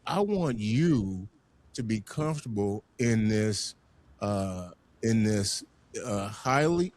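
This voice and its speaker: A man hosting a community podcast, talking in an animated, emphatic way and often repeating words as he gets going. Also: on the low side, slow pace. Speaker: podcast host. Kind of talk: casual panel conversation.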